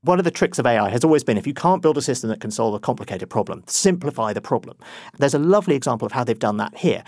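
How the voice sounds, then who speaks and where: A man's voice: medium pitch, a little mellow, no echo, studio quality. A male editor explaining a topic enthusiastically in conversation. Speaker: deputy editor.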